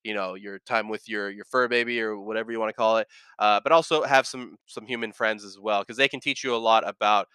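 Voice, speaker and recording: A man's voice: lowish voice, steady tone, a little fast, bright, forceful tone, smooth, no echo. A man hosting a casual solo podcast, talking in an earnest, rambling way that often corrects itself, with a slight lisp. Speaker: podcast host.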